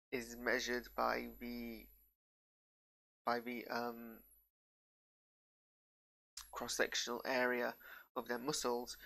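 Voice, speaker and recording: Gravelly, bright-voiced northern English man. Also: mid-range voice. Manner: rambling, digressive, drifts off on tangents. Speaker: show reviewer. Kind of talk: casual post-episode reaction.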